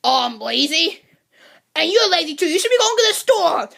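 Woman doing a gravelly, bright, lazy slob koopa king, gruff, bossy, comedy skit. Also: very high voice, very animated, normal speed, heavily acted. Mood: grumpy bossy.

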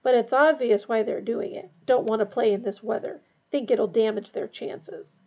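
Anxious team captain boy done by a woman, forceful n bitter, gravelly, muffled. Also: a little high, moderate pace. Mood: angry. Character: intense, anxious young male sports captain.

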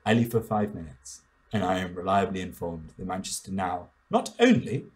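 A young man doing a stand-up comedy bit, playful and mock-indignant, breaking into sudden loud outbursts. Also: low voice, expressive, moderate pace. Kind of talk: animated stand-up monologue.

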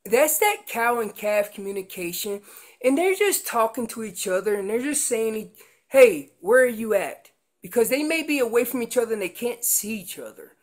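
A woman leads a slide-based seminar on elk calling, explaining things through everyday comparisons and bursting into loud acted voices of calves and their parents. Her voice is a little high and sing-song, at a normal speed.

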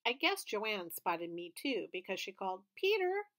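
A woman reading a children's story aloud at a middle pitch. Her narration is steady and expressive. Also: moderate pace. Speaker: storybook reader.

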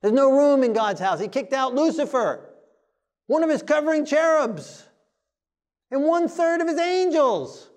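Forceful and plain, a man with a very high-pitched voice gives a sermon at a moderate pace with lively intonation. Along the way he mocks the timid voices he quotes.

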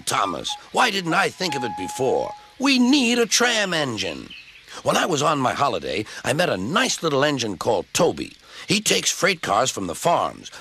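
A man puts on a stout railway director in a storybook reading, bluff and brisk. The voice is raised a little and swings widely, full of authority. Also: on the high side, wildly swooping pitch, sharp tone, soft background music, pitched above the performer's own voice, exaggerated voice. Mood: cheerful.

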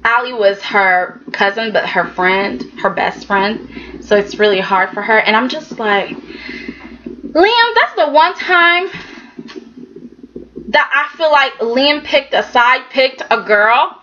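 A chatty woman recaps a soap opera at an unhurried pace, her voice bright and slightly high. She is emphatic, keeps checking in with "okay", and acts out the characters' lines. The recording sounds a little dull and lo-fi. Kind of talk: casual recap commentary.

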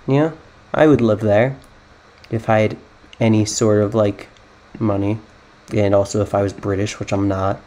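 A man's voice: medium pitch, darkish tone. Rambling American man thinking aloud. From United States. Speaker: gaming YouTuber. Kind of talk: casual gameplay commentary.

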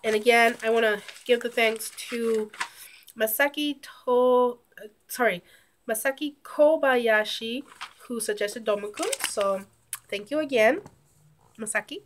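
A woman's voice: a little high, unhurried, a little hiss or hum. Sick, nasal woman vlogging. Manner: chatty, rambling, self-correcting. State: short of breath. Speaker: YouTube vlogger. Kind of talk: casual vlog intro to camera.

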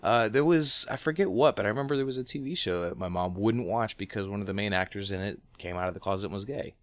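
A man's voice: fairly low pitch, fast talker. A man co-hosting a podcast in laid-back casual chat, drawling loosely and trailing off mid-thought. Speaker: podcast co-host.

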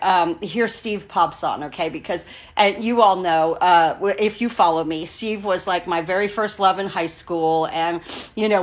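A woman's voice: mid-range voice, fairly bright tone. A woman in her sixties hosting a casual live craft stream, chatty and digressive, gushing with enthusiasm and greeting viewers by name as she goes. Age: 60s.

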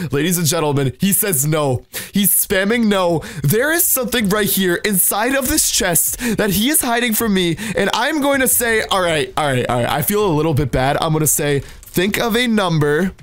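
A high-voiced man commentating his Minecraft gameplay, hyped and exclamatory as he talks straight to his audience. Faint music plays under his voice. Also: expressive, moderate pace. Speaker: Minecraft gaming YouTuber.

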